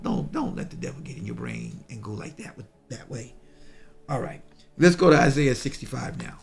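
A man's voice: mid-range voice, vocal fry. A male pastor who reads scripture aloud and then explains it in a folksy, repetitive way. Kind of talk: bible study teaching.

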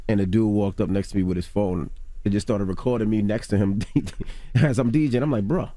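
Male radio DJ, casual asides, low-ish voice, dry studio sound. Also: a little fast, mellow, no echo. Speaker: radio show DJ.

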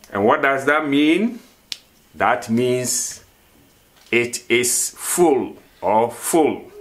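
A language teacher runs a vocabulary lesson, repeating each word and asking questions for the learner to answer. He speaks slowly in a medium-pitched, slightly bright voice.

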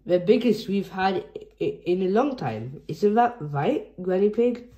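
A woman's voice: medium pitch, expressive, measured pace, mellow, echoey room, lightly acted. A woman doing a chuckling old grandpa pig. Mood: kindly. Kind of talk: storybook read-aloud.

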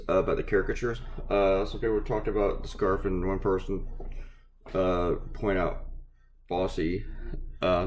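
Rambling low-voiced man chatting while drawing. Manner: rambling, chatty, with many fillers. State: sleepy, stifling yawns. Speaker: cartoonist vlogger.

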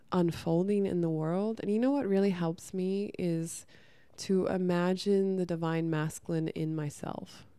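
Warm-voiced woman in earnest rambling monologue. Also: fairly low pitch, clean tone, no echo. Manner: earnest, rambling with many fillers. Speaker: spiritual content creator. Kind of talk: candid personal monologue.

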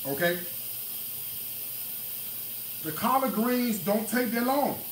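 A male cooking host with an unhurried, drawn-out way of talking who keeps breaking into excited exclamations and speaks straight to the viewers. His voice rings around a roomy, echoing kitchen. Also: very high-pitched, distant mic, a little hiss or hum. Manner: chatty and exclamatory, addresses viewers directly. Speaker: cooking show host and cookbook author. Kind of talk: casual cooking demonstration. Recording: echoey room.

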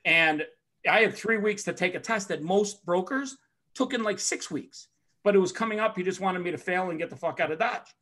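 A man telling a personal story in a casual talk, animated and profane, acting out the other people in it and laughing along the way. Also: sits high, fairly quick. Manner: excitable, swears often, acts out other people's lines with shouting and laughter. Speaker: podcast host telling a story.

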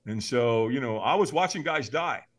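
A man's voice: medium pitch, moderate pace. A man, a podcast guest, telling a story with animation, acting out voices and laughing often. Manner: lively, acts out voices in his stories, laughs often.

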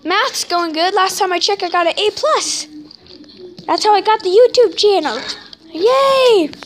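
A woman's voice: extremely high pitch, moderate pace, a little hiss or hum, low-quality recording. Rambling young girl vlogger. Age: child, sixth grader. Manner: rambling, keeps saying anyway. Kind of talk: casual home vlog chat. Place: home.

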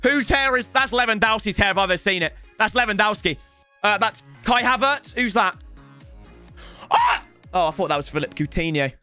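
A young man with a bright, sharp voice that sits high and swings widely as he chats. He rambles excitably through a card unboxing, throwing in jokey asides, with faint music behind him. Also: brisk, clean tone. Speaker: football gaming YouTuber. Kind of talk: casual unboxing chat to viewers.

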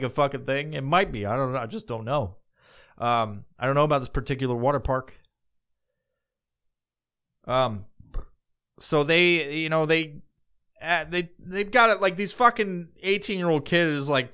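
A man hosting a podcast, telling a comedic story casually, with lots of swearing and rambling asides. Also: mid-range voice. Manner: profane, rambling and animated. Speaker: podcast host.

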